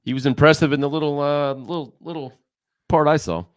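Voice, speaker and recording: A man's voice: fairly high pitch, steady tone, fairly quick, no room sound, studio quality. A middle-aged man, a veteran wrestling guest, talking casually in a rambling, self-interrupting, folksy way. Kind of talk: casual podcast chat.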